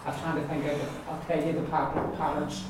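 A man with an Ulster accent teaches Irish pronunciation, modelling each word slowly and repeating it. His voice sits a little high and sounds distant in a very echoey classroom, with noise audible behind him. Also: completely flat delivery. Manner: explains patiently, models words slowly and repeats them. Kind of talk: pronunciation lesson. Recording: echoey room, mic far off, background noise.

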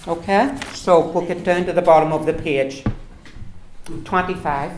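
A man teaching pronunciation in a classroom, repeating words slowly for his pupils. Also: on the high side, roomy sound, background noise. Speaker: Irish language teacher.

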